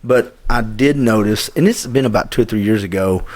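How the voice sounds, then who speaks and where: A man's voice: lowish voice, fairly quick. An older man, a guest on a podcast, chatting casually and telling jokey stories. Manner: animated storyteller, jokey. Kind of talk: casual chat.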